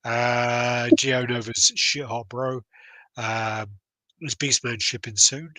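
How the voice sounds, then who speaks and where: A man's voice: medium pitch, fairly even intonation, takes it slowly, sharp tone, no echo, low-quality recording. A man hosting a casual podcast, swearing freely and rambling through stories. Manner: swears freely, loose storytelling with fillers. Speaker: podcast host.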